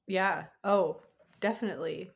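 A woman co-hosting a podcast, chatting casually with wry, deadpan sarcasm and frequent laughs. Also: on the low side, measured pace, vocal fry, breathy edge. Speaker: podcast co-host. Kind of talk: casual chat.

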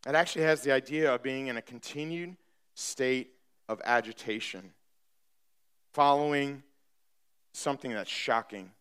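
A man preaching a sermon as pastor, talking conversationally with humor and building to emphatic, animated preaching. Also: medium pitch, normal speed, long pauses, smooth. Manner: conversational with self-deprecating humor.

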